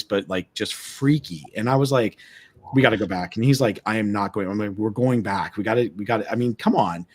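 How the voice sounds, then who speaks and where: Low-voiced guy telling a spooky story, gets excited, repeats himself, acts out the lines. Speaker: guest, former ship tour guide. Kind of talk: animated storytelling. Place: remote live stream call.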